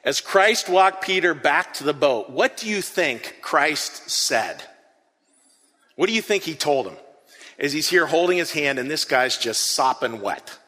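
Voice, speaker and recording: A man preaching an interactive sermon, earnest and animated, often repeating his words as he speaks to the congregation. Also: fairly high pitch, a little slow. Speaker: pastor. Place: church hall. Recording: long hall reverb.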